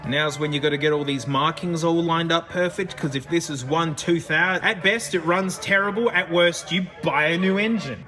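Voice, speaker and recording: Australian male car vlogger, high and excitable, slangy and quick to laugh; reverberant garage sound. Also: music in the background. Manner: excitable, chatty, laughs often, lots of slang. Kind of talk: casual commentary over car work and testing.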